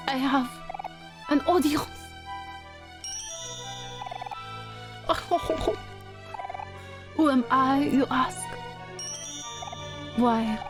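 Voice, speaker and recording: Woman hamming up a pompous lonely alien artist. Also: extremely high pitch. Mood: grandiose. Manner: theatrical put-on French-ish accent, drifting. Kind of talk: reading game dialogue aloud. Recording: game music playing underneath. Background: game music.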